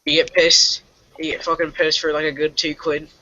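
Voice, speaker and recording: A man's voice: on the high side, monotone, normal speed, bright, forceful tone. A man hosting a call-in stream, heckling and swearing in crude casual banter. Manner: brash, heckling, swears a lot. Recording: muffled audio with faint noise.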